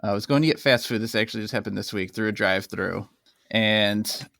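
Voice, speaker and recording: A man's voice: brisk, vocal fry, no room sound, studio quality. A man co-hosting a podcast, casually telling an anecdote and acting out the people in it. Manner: animated storyteller, acts out quoted people in a higher voice. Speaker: podcast co-host. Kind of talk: casual chat, storytelling.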